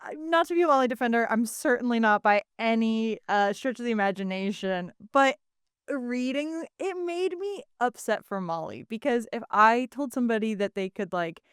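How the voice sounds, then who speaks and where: A woman co-hosting a podcast, casually recapping a book in animated, profanity-laced chat. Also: fairly high pitch, clear, resonant tone, no room sound, studio quality. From Britain. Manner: profane, animated, fast asides. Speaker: podcast co-host.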